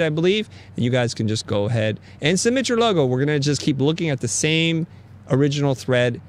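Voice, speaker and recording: A man's voice: medium pitch, darkish tone, a little hiss or hum. A man hosting a casual design critique live stream, upbeat and joking as he teases his guests. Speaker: host of a design critique show.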